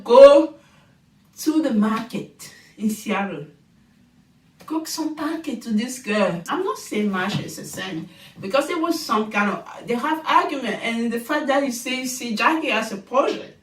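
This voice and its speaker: A woman giving a casual, animated recap of a reality TV show, exclaiming and firing off rhetorical questions. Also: on the high side. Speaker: TV show reviewer. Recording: echoey room, distant mic.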